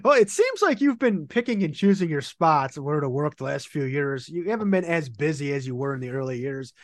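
A man hosting an interview, asking questions in a lively, conversational way. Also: fairly high pitch, fairly quick, dry recording, studio quality. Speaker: host.

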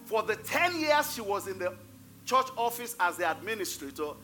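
A high, bright male voice preaching in church, forceful and emphatic, hammering home his points by repeating them. He sounds middle-aged, with soft music underneath. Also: sing-song, moderate pace. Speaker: pastor. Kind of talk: sermon.

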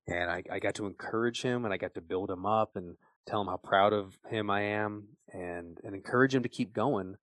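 A middle-aged man hosting a podcast, telling a personal story in an earnest, animated way with frequent fillers. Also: on the low side, moderate pace, few pauses, no room sound. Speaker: podcast host.

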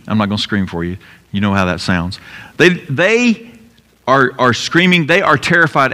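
A man's voice: medium pitch, fairly bright tone. A male pastor preaching a sermon in an earnest, emphatic way, repeating key phrases for effect. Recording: long hall reverb.

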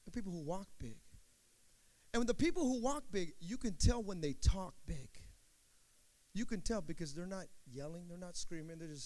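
Guy pastor preaching, kinda high voice, gets loud then goes real quiet, asks the crowd for amens. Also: lively intonation, brisk. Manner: preaching with call-and-response, swinging from shouted emphasis to hushed storytelling. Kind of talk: sermon.

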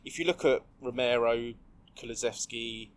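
A man co-hosting a football podcast in casual chat, talking in a relaxed, rambling way. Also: medium pitch, moderate pace. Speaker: podcast co-host.

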